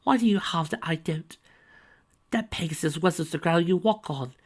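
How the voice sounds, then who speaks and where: A man's voice: moderate pace, slightly rough. A man voicing a dramatic, fashionable unicorn woman in a fan fiction reading, theatrical and indignant. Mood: plaintive. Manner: theatrical, indignant, high-strung. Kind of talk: fan fiction read aloud.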